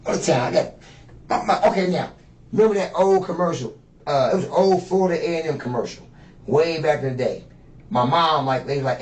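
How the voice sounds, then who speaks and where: A man's voice: a little high, expressive, brisk, a little mellow. Rambling profane man in echoey room. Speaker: suspect being questioned. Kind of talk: rambling interrogation talk. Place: interrogation room. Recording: echoey room, distant mic, faint noise.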